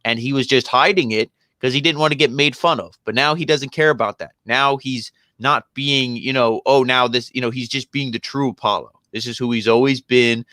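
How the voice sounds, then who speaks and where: Male co-host, mid-pitched, laid-back rambler, dry close sound. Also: a little fast, hardly any pauses, no echo. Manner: relaxed, rambling, heavy on fillers like "you know" and "I mean". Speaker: co-host of a wrestling review show. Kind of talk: casual podcast chat.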